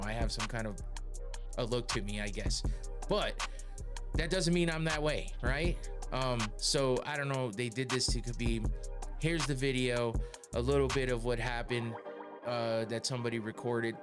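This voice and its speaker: Profane ranting podcast host, man. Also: mid-range voice. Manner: profane, heated, laughs often. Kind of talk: casual opinion rant.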